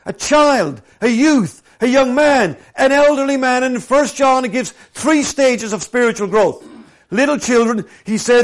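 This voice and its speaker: A man preaching a sermon. He drops to hushed, slow scripture reading and then builds to loud, lively storytelling. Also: extremely high pitch. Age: adult, former professional soccer player.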